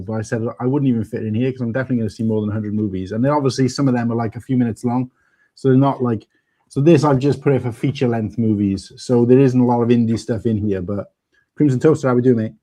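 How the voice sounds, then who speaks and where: A man's voice: mid-range voice, steady tone, quick pace, dark tone. A man from Wales hosting a live stream, chatting casually in a rambling way and laughing often. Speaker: stream host. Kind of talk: casual chat.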